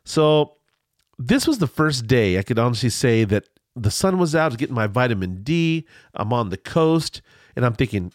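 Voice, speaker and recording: A middle-aged man rambles through a personal story with plenty of false starts and tangents. His pitch moves a lot, jumping high and dropping low. The sound is close and dry, with no room around it. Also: expressive, normal speed, no echo. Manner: rambling storyteller, many restarts. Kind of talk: casual chat.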